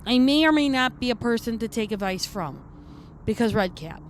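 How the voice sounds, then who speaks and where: A woman's voice: on the high side, expressive, moderate pace, a little hiss or hum, close to an everyday voice. A woman playing a brash, foul-mouthed redcap fae, a tough mechanic, who chats in character on a live stream with a New York-ish accent and rambling, streetwise talk. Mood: gruff banter.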